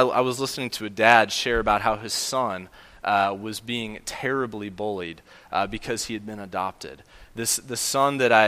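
Male pastor mid-sermon; bright, forceful tone, earnest and emphatic delivery. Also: medium pitch, long reverb tail. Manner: earnest, emphatic, with fillers and restarts.

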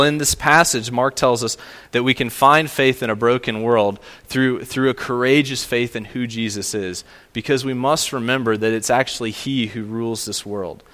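A pastor preaches a sermon, earnest and emphatic, repeating phrases for weight. His mid-range voice has a fairly bright tone, with a long reverb tail.

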